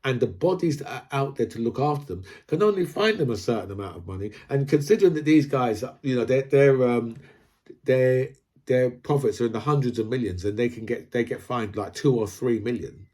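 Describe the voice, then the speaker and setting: A man's voice: medium pitch, a little fast, darkish tone. A man from Britain, ranting casually about politics, rambling, repeating himself and asking "right?" again and again. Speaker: political commentator.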